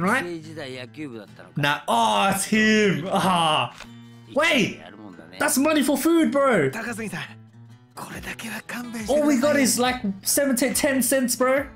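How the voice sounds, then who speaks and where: A man casually commentating his gameplay, excitable, laughing often and saying "bro" all the time. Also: extremely high pitch, takes it slowly, pauses often, faint music behind. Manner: excitable, laughs a lot, says "bro" constantly. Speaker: gameplay streamer. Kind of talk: casual let's play commentary.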